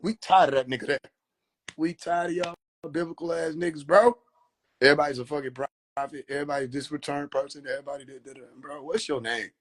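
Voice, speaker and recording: A man hosting a casual livestream, talking in an animated, preachy way and mocking people with laughs. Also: a little high, fast talker. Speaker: livestream host. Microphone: phone.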